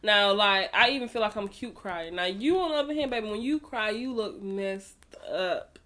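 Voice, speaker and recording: A woman co-hosting a podcast in a recording studio, chatting casually in an animated, teasing, emphatic way. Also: medium pitch, moderate pace. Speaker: podcast co-host. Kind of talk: casual chat.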